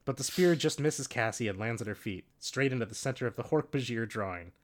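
A man's voice: mid-range voice, lively intonation, a little fast, a little hiss or hum. Casting: a man reading a storybook aloud, casual and jokey. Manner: laughing, joking asides. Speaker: reader.

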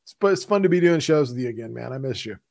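A man's voice: medium pitch, expressive, quick pace, creaky, a little mellow, no room sound, clean studio sound. A man with a Texan accent, co-hosting a podcast in loose, joking casual chat and laughing easily. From Texas. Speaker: podcast co-host.

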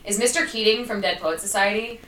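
A woman's voice: mid-range voice, fairly quick, a bit bright, echoey room, recorded from a distance, low-quality recording. A woman who is a former teacher co-hosting a podcast in casual chat, with fillers and laughs. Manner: chatty, many fillers and laughs.

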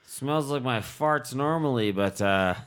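A middle-aged man telling crude stories in casual comedic chat, rambling and deadpan, with mock-dismayed asides. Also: medium pitch, measured pace, smooth.

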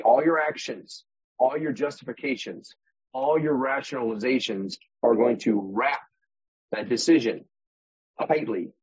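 A man's voice: medium pitch, darkish tone, slightly rough, no echo. A man as a guest on a real estate podcast, talking animatedly and acting out voices and examples. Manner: demonstrative, acts out inner voices, uses props as metaphors. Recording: dull muffled podcast audio.

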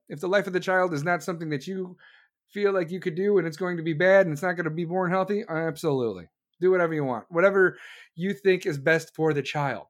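Blunt swearing woman ranting on a livestream. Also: low-pitched. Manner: blunt, swearing, sarcastic, talks to chat; mocking mimicry in quoted voices. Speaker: livestream host. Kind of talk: casual opinion rant on a livestream.

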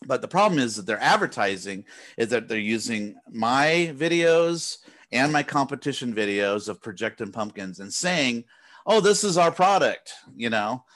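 A man's voice: medium pitch, big pitch swings, normal speed, a bit bright. A man co-hosting a casual podcast, ranting with plenty of swearing and acting out what other people said. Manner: profane ranting, mimics others in quotes. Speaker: podcast co-host. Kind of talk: casual chat.

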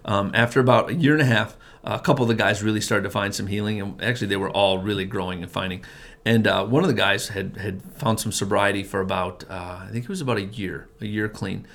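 A man's voice: on the low side, steady tone, fast talker, fairly bright tone. A middle-aged man, a family pastor, earnestly telling his testimony in casual conversation, often restarting and repeating words. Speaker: family pastor, men's group leader.

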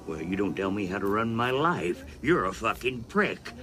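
A man's voice: on the low side, sing-song, moderate pace, a bit bright, a little hiss or hum. An actor playing a foul-mouthed angry homeless man who swears and rants insults, heard in a film clip. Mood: irritated.

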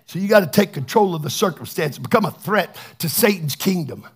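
Older male pastor, husky high voice, fervent sermon with shouted peaks. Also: lively intonation, fairly quick. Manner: fervent, shouting in bursts, chatty asides. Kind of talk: Pentecostal sermon.

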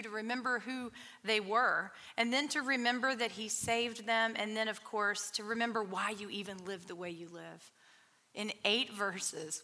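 A woman's voice: medium pitch, sharp tone. A woman leading a church Bible study lesson, chatty and laughing at herself, restarting her sentences. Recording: echoey hall.

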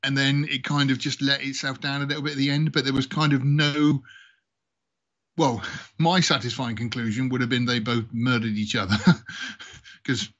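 A man's voice: mid-range voice, level tone, normal speed, a bit bright, lo-fi sound. A British man casually chatting about films as a podcast co-host, rambling and jokey. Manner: rambling, jokey, laughs often.

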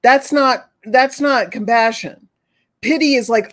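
A woman's voice: a little high, unhurried, fairly bright tone. A woman who talks with animals, explaining her work in an earnest, repetitive conversational way. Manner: earnest, repetitive, acts out pitying voices. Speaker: animal communicator guest. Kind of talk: casual conversation.

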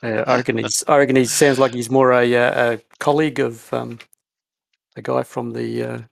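A man's voice: mid-range voice, little pitch movement, moderate pace, vocal fry, dry recording. A man playing a tabletop game, chatting and joking in an easygoing way. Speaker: player. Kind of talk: casual tabletop chat.

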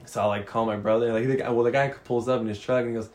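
A young man telling a story in casual chat, animated and profane, laughing often. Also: medium pitch, rapid-fire, slight background noise.

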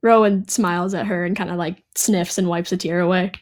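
A woman's voice: lowish voice, fairly even intonation, brisk, a little mellow. A woman player describing her character hesitantly, with many fillers. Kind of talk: casual tabletop play.

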